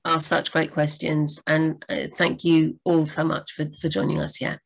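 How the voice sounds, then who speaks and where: A woman co-hosting a live writing Q&A over a video call. Her voice sits a little low, and she talks in a chatty, rambling way, full of restarts and sudden animated leaps upward. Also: moderate pace, gravelly. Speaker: book editor and co-host. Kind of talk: live Q&A chat.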